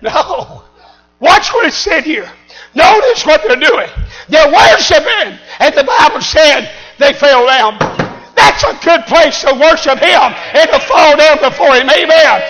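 A man preaching a sermon, shouting in call-and-response style. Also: very high voice, lively intonation, unhurried, low-quality recording.

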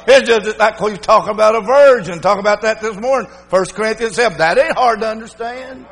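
Older man, preacher, very high voice, emphatic revival sermon, long church-hall reverb. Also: a little fast, few pauses. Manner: emphatic, swings from shouting to low muttering.

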